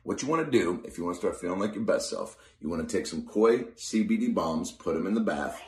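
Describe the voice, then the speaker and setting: A man's voice: lively intonation, fairly quick, darkish tone, echoey room, a little hiss or hum. A man, a comedian, doing a goofy improvised ad read for his podcast. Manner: goofy, self-interrupting pitchman.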